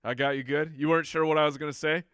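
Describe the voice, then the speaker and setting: A fantasy football analyst fields viewer questions on a casual live Q&A show, playful and chatty, joking with the crew and laughing a lot. His voice is fairly high, steady, slightly bright, and racing in pace. The recording is dry and studio-clean.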